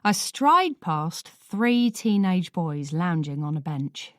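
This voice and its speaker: A woman reading a first-person thriller audiobook in a measured, dry storytelling manner. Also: on the low side, big pitch swings, fairly bright tone, no echo. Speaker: audiobook narrator.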